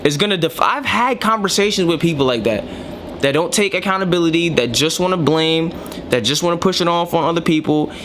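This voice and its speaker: New York guy, higher-pitched, slangy, preachy commentator in casual talk. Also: lively intonation, fairly quick, a bit bright, a little hiss or hum. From New York City. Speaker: commentator reacting to clips.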